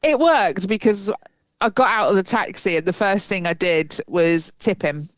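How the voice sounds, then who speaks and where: A woman's voice: medium pitch, moderate pace, no room sound. Chatty woman telling a story. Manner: chatty storyteller, laughs often, acts out quoted voices. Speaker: podcast co-host. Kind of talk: casual chat.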